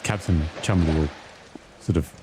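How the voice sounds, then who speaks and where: Low-voiced, hesitant game player. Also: male voice, normal speed, mellow, a little hiss or hum. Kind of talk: casual game chat.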